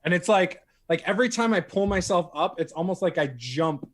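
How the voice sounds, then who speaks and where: A man playing a tabletop game, calmly explaining what his character does. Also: high voice, fairly quick. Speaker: player.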